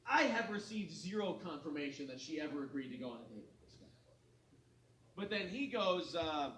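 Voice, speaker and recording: A man's voice: a little high, moderate pace, slight background noise. A man hosting a morning show, telling a bar story in casual chat and acting out the people he quotes. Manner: animated storyteller, acts out quotes. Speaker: morning radio show host. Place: studio. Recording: roomy sound from a distance, crowd behind.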